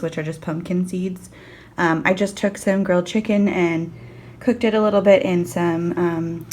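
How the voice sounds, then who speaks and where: A woman's voice: low-pitched, darkish tone, slight background noise. A woman from California chatting casually through a food diary vlog, self-deprecating and full of ums and likes. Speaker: vlogger.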